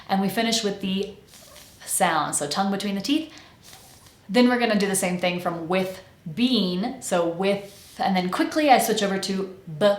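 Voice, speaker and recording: A woman's voice: medium pitch, normal speed, echoey room. An American woman in the role of an accent coach, giving a pronunciation lesson and carefully articulating each sound.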